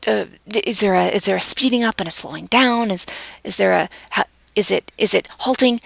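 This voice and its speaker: A woman's voice: mid-range voice, vocal fry, dry recording. A woman teaching vocal delivery in a lecture, conversational, asking rhetorical questions and dropping into whispers to stress points. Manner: demonstrative, varies volume and pace deliberately, drops to whispers for emphasis. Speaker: speech instructor.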